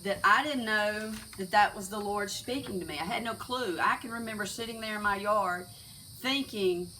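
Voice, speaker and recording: A middle-aged woman telling her personal faith testimony in a halting way, with many restarts and fillers. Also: mid-range voice, pushed and bright, distant mic, a little hiss or hum, rough recording. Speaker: testimony speaker.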